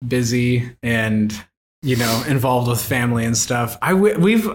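A man's voice: mid-range voice, unhurried. A man from the United States chatting on a podcast, rambling and self-deprecating, with frequent laughs. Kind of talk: casual podcast chat.

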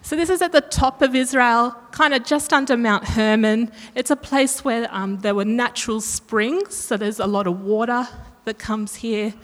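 A woman's voice: a little high, normal speed, hardly any pauses, fairly bright tone. Woman preacher, conversational sermon, checks in with the room, long hall reverb. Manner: chatty, self-correcting, asks the room questions.

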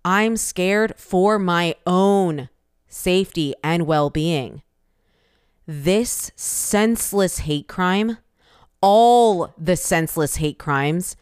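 A woman's voice: fairly low pitch, smooth, no echo, clean studio sound. A young Asian American woman giving an impassioned personal statement, emphatic and pointed, with insistent repeated phrases.

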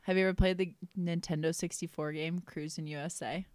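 Young woman teacher chatting casually, animated, lots of likes, dry close sound. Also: fairly low pitch, a little fast, no echo. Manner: animated storyteller, filler-heavy, laughs often. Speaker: teacher, guest. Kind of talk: casual chat.

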